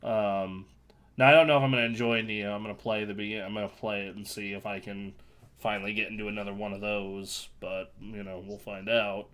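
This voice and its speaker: A man's voice: on the low side, little pitch movement, brisk, fairly bright tone. A man co-hosting a casual gaming podcast, rambling and restarting his sentences with dry asides. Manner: rambling, self-interrupting, dry. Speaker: podcast co-host.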